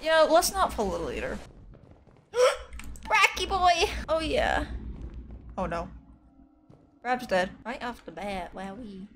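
Young woman gaming, high squeaky voice, frantic, repeats stuff when spooked, faint hiss behind. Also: sing-song, slow pace, pauses often, fairly bright tone. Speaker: streamer. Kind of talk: panicked gaming chatter.

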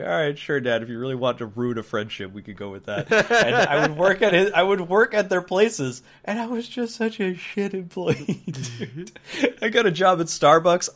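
A man's voice: on the high side, fairly bright tone. A young man, a guest on a podcast, telling casual stories with swearing and acting out his own retorts. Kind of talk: casual chat.

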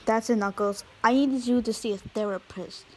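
A woman's voice: on the high side, normal speed, slight background noise, lightly acted. Woman playing a bossy scolding friend. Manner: scolding, loud bursts.

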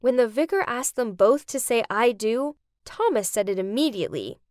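High, lively young woman narrating. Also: brisk, no room sound, clean studio sound. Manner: dramatic, expressive. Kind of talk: animated story narration.

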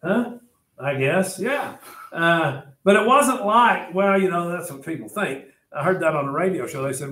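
An older history teacher with a slightly high, sharp-toned voice speaks at a normal speed. His lecture wanders through jokey stories, with asides directed at his students.

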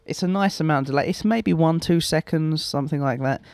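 A young adult man hosts a let's play, rambling through self-mocking gameplay commentary and swearing freely. His voice is on the high side, brisk and a little mellow, with no room sound.

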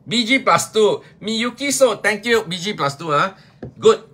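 A man's voice: high voice, bright, forceful tone. Singaporean guy in his 50s, live selling, swoops all over the place, jokey and pleading. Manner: playful, teasing, exaggerated pleading. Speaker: live-stream seller. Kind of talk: casual live-sale chat.

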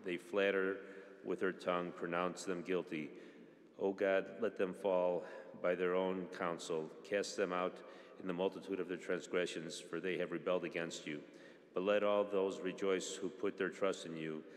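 A man reading psalms aloud at a church service, at a steady pace with small slips and restarts. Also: sits low. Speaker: church reader. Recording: long church reverb.

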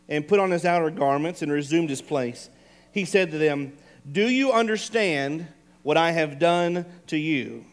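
A man preaching a sermon as pastor, retelling scenes with acted voices and dropping soft for emphasis. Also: a little high. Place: church sanctuary. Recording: long hall reverb.

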